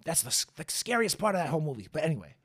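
A young man hosting a podcast, telling a story off the cuff in a loose, profane, animated way. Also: fairly high pitch, rapid-fire, husky. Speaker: podcast host. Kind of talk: casual storytelling.

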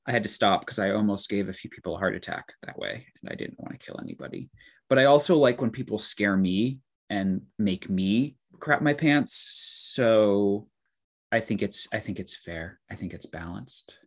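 A man's voice: on the low side, lively intonation, moderate pace. A man co-hosting a podcast in casual chat, teasing and rambling as he talks. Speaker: podcast co-host.

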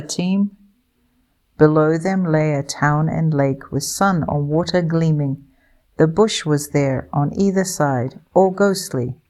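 A woman with a deep, low voice narrates a children's picture book aloud. She reads slowly and clearly, gently pacing each line for listeners learning English.

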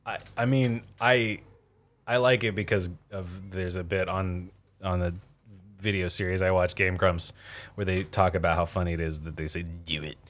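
A man's voice: low-pitched, level tone, normal speed. A man co-hosting a podcast in casual, jokey chat who laughs often and tries impressions. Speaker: podcast co-host.

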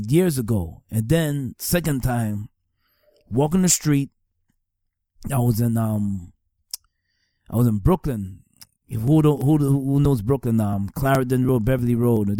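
A middle-aged man gives earnest personal testimony, circling back over his words for emphasis. His voice is warm and mellow. It sits dry and close, with no room around it. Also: mid-range voice, dry recording. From New York, Staten Island. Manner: earnest, repeats phrases for emphasis. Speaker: speaker giving testimony.

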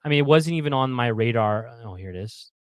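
A man's voice: medium pitch, quick pace, smooth, dry recording. A man in his thirties in casual chat, telling a story with lots of restarts and repeated words. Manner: animated storyteller, repeats words, acts out the yelling fans. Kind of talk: casual chat on a video call.

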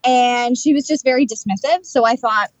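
A woman co-hosting a podcast, telling stories in a chatty, animated way about her work as a psychic and channeler. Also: fairly high pitch, normal speed, dry recording, muffled recording. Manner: chatty storyteller, animated retelling of conversations. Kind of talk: casual chat.

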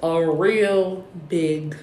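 A young woman, co-hosting a podcast, telling a heated story in a lively, swearing chatty way. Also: fairly low pitch, very slow. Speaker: podcast co-host. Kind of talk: casual chat. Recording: roomy echo with faint hiss.

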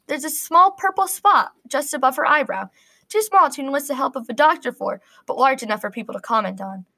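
A woman narrating a first-person story in an earnest, expressive reading. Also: high-pitched, a little fast, creaky.

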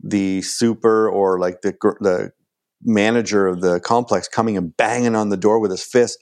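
A man, chatting casually as a guest and telling an animated story. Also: on the low side, moderate pace. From Canada. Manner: animated storyteller acting out quoted lines.

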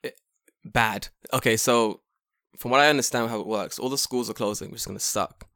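A man's voice: mid-range voice, fairly quick, dry recording, studio quality. A young man co-hosting a podcast, telling a story in casual, profane chat. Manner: profane, animated storytelling with acted quotes. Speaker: podcast co-host.

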